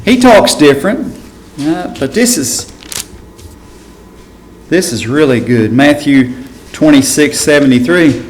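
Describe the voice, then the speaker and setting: A male pastor teaches a Bible study in a relaxed, conversational way. His voice sits a little high for a man, and he keeps checking in with his listeners with a quick "right?". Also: slight background noise, poor audio. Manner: conversational, often asks "right?".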